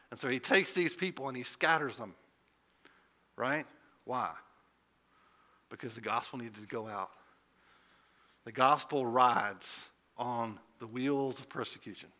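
A man's voice: mid-range voice, pushed and bright. A man preaching a conversational sermon, asking rhetorical questions and building to emphatic points. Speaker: pastor.

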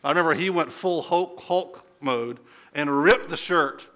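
A man's voice: fairly high pitch, a little slow, a bit bright. A man preaching a sermon as a pastor, telling stories in a conversational way and asking the listeners questions.

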